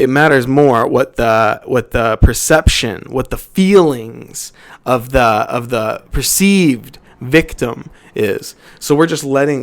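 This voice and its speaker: Gravelly man ranting profanely. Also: medium pitch. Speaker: podcast host. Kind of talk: podcast rant.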